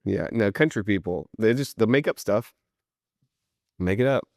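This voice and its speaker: A man from East Tennessee, co-hosting a casual podcast chat and telling animated stories peppered with "like." His low voice sits close and dry on the mic. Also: normal speed, no room sound. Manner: animated storyteller, lots of "like". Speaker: podcast co-host.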